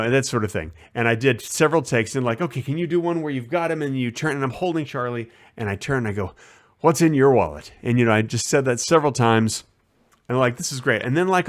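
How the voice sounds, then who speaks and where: A man's voice: medium pitch, a bit bright, no room sound, studio quality. A man hosting a casual stream, chatting about a shoot in a rambling storytelling way and acting out the lines he quotes. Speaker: streaming host. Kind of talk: casual behind-the-scenes storytelling.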